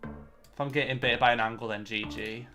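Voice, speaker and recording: A man's voice: medium pitch, steady tone, moderate pace, bright, forceful tone, soft background music. A man giving live commentary on his own competitive game, frustrated and self-critical. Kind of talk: live-streamed match commentary.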